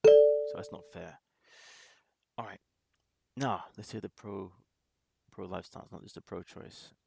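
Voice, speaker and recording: A man's voice: deep voice, a little slow, creaky. A man hosting a reaction video, talking in casual commentary that rambles with restarts and small laughs.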